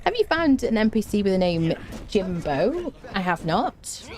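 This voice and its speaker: Lively British woman streamer. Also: medium pitch, a little slow. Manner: chatty, reads chat aloud, animated rants. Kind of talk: casual gameplay stream chat. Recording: faint background noise.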